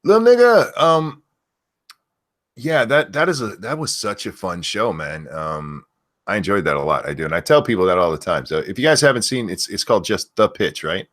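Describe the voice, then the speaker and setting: Lively low-voiced man yelling names. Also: moderate pace. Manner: loudly yells out viewers' names, then drops back to quiet chatter; loose, swears casually. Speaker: livestream host. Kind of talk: casual livestream chat.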